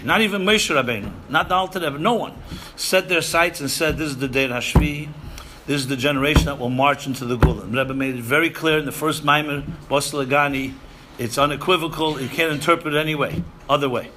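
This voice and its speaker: Emphatic bright-voiced man lecturing. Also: a little high, a little hiss or hum. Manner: emphatic, repeats phrases, Yiddish and Hebrew terms. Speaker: rabbi lecturing seminary students. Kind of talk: sermon-style lecture.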